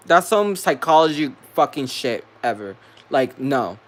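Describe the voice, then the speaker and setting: A man's voice: medium pitch, big pitch swings, a little slow. A man venting to camera in a vlog, angry and profane, repeating himself as he rants. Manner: heated, profane, repetitive venting. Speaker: vlogger.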